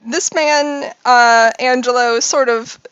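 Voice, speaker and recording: A woman's voice: on the high side, fairly even intonation, slow pace, a bit bright, clear, resonant tone, no room sound, dull audio. A woman narrating a tabletop game as game master, rambling through descriptions with many fillers.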